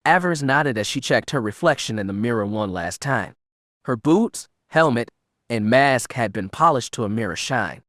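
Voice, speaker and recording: A male audiobook narrator reads in a steady, even manner at a mid-range pitch. The recording is close and dry, with no room echo. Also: normal speed. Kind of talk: scripted narration.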